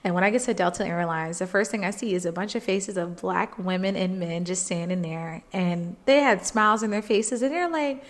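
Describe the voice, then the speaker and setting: Woman telling an emotional story, lowish. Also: moderate pace, few pauses. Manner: emotional, animated retelling, jumps high when quoting people; faith-filled, earnest. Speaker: podcast host. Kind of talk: personal storytelling.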